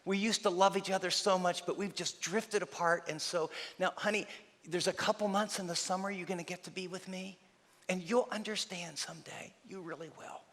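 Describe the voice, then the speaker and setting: A man voicing a nervous father who quietly and tenderly tells his young daughter he is not coming home. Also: high-pitched, fairly even intonation, voice pushed up. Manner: hushed, tender, halting. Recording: reverberant hall.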